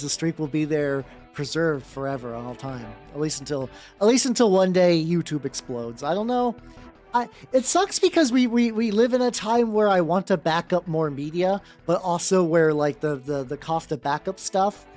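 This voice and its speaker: Chatty streamer with a lively voice. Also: mid-range voice, normal speed. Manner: chatty, greets viewers by name between rambling anecdotes. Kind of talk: live-stream chat. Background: faint background music.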